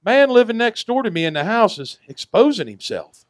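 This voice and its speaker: A man voicing a fussy old woman from an island who insists the sheriff look again, in a shrill, exasperated voice. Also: sing-song, moderate pace, no echo, studio quality. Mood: fretful. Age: older.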